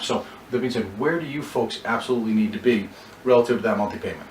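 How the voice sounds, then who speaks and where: A man teaching car sales, heard from across an echoey room with a faint noise bed. He coaches in a running, practical way and keeps restarting sentences as he plays out little exchanges. His voice sits at a mid pitch for a man. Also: fast, darkish tone, distant mic. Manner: coaching, role-plays dialogue, frequent restarts. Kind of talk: sales training talk.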